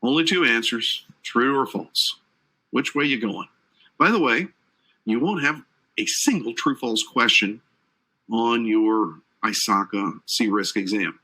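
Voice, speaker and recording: A certification exam instructor based in Atlanta gives a live online training lecture, chatting and joking with his audience between points. His medium-pitched voice is slow, bright and forceful, and the recording is rough.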